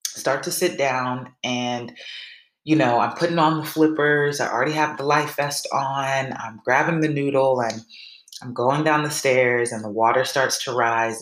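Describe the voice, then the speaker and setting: Woman, podcast host, personal storytelling, animated, acts out her thoughts, echoey room. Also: extremely low pitch. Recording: roomy echo.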